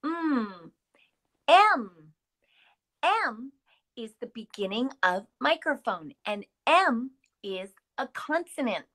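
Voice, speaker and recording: Slow, bright-voiced woman teaching English. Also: a little high, sing-song. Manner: slow, deliberate, sounding words out for learners. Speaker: ESL instructor. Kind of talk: live online English lesson.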